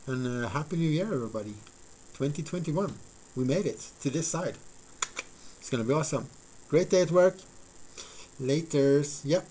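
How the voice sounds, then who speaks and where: A man's voice: a little high, lively intonation, normal speed, mellow, a little hiss or hum, rough recording. Rambling man chatting on a craft stream. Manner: rambling, filler-heavy, thinks aloud and chats to viewers. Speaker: live-streaming model maker. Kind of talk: casual live-stream chat while crafting.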